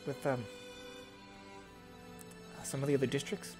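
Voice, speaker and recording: A man's voice: mid-range voice, flat delivery, a little slow, music in the background, natural voice. A man voicing a nervous young male dwarf adventurer who stammers and talks politely.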